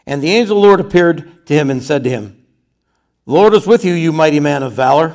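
A man's voice: on the high side, lively intonation, brisk, darkish tone. A man preaching a conversational sermon, reading scripture aloud and then retelling it in his own words.

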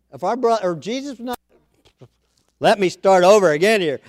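A man's voice: high voice, lively intonation, normal speed, pauses often, no room sound. A man preaching an informal Bible-study sermon, reading scripture aloud and then commenting in a chatty way with asides.

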